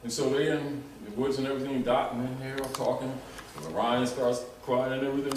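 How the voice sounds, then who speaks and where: A man gives a loose, animated lecture to a small group and keeps circling back to restart his thoughts. His voice sits at an ordinary pitch for a man. It is picked up from across a very echoey room, with faint noise underneath. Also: quick pace, hardly any pauses, far from the mic. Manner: animated, rambling, often laughs and restarts.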